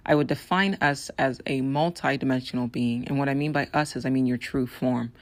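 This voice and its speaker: A woman hosting a solo podcast, talking in an earnest, persuasive way with a raspy, hoarse voice. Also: a bass voice, fairly even intonation, a little fast, dry recording. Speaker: podcast host.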